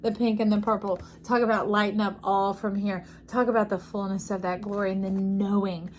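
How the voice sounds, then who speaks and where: A woman's voice: medium pitch, level tone, brisk, a little hiss or hum. A woman giving an intuitive tarot reading to camera, effusive and preachy, often checking in with the listener. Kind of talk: casual spiritual reading to camera.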